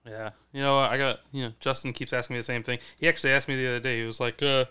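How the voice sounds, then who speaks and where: A man's voice: mid-range voice, fairly even intonation, very fast, few pauses, sharp tone, clear, resonant tone. A man co-hosting a casual podcast, bantering loosely with plenty of swearing. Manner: laid-back, profane banter. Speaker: podcast co-host. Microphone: studio podcast mic.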